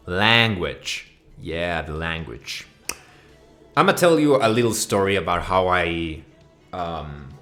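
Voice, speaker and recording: A man's voice: low-pitched, bright, forceful tone. A man from Mexico giving a profane, mock-outraged and rambling comedic rant over slides. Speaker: video essayist.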